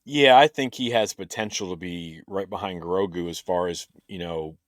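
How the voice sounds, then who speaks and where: A man with a low voice chats animatedly on a fan podcast, now and then jumping up high to act out a scene. The sound is dry and close, with no room around him. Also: moderate pace, no echo. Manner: animated, acts out character lines in a high voice. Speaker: podcast co-host. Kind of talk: casual fan chat.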